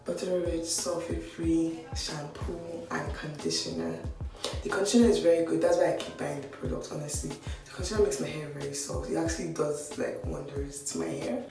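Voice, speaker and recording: A young woman with a low voice chats casually to her viewers and pokes fun at herself. She sprinkles "like" through almost every line. The recording has a roomy echo and faint music underneath. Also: lively intonation, a little fast, gravelly. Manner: chatty, self-mocking, full of "like". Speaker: beauty vlogger. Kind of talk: casual chat to camera and voice-over commentary.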